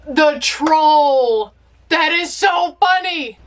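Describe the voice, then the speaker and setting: Girl w a high voice doing movie reaction commentary, gets all worked up and talks to the screen. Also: unhurried. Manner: excitable, emotional, talks back to the screen.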